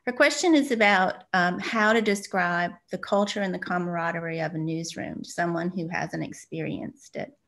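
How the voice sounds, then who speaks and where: Female interviewer, low pitch, Alabama accent, relaxed and hesitant, on a video call. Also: normal speed, few pauses. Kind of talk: conversational interview.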